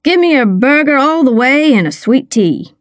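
A woman voicing a stern, unsmiling male detective in an audiobook, with terse, flat, clipped questions. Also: sits high, normal speed, no room sound, clean studio sound, pitched above the performer's own voice. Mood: curt. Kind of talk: audiobook character voice.

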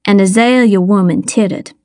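A woman reading a first-person audiobook, with measured, wry storytelling. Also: medium pitch, mellow, no echo, studio quality. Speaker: audiobook narrator.

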